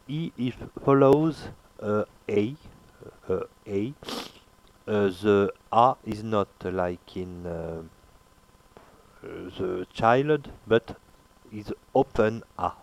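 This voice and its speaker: A French-speaking man with a lowish, slightly mellow voice gives a pronunciation lesson at a very unhurried pace. He's a language teacher who hesitates constantly, filling pauses with "uh" and slowly repeating each word to model its sound.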